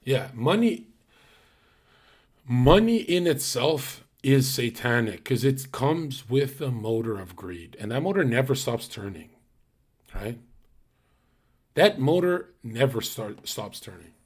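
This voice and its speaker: A man's voice: medium pitch, very animated, takes it slowly, long pauses, breathy edge. A man streaming live, ranting casually to his chat, blunt and profane, with lots of fillers and restarts.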